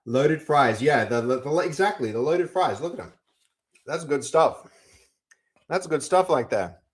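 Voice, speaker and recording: A man's voice: on the high side, animated, unhurried. A young man live-streaming, chatting casually to his viewers while working on code, rambling with many restarts. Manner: rambling, talks to chat, lots of restarts.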